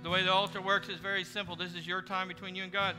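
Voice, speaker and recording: High-voiced pastor preaching in a hall. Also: male voice, flat delivery, quick pace, pushed and bright. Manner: earnest, preacherly, voicing imagined prayers and speeches. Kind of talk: sermon. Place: church sanctuary. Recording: church hall reverb with music behind.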